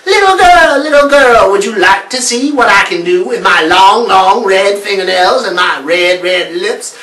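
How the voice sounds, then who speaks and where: A man voicing a creepy old female witch in a told joke, shrill and loud. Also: measured pace. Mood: menacing. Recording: roomy sound from a distant mic.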